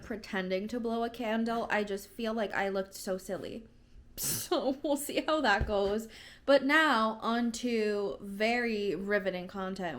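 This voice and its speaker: A woman's voice: mid-range voice, a bit bright. A woman in her late twenties, chatting casually in a home vlog, rambling and often correcting herself mid-sentence. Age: 20s. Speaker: vlogger.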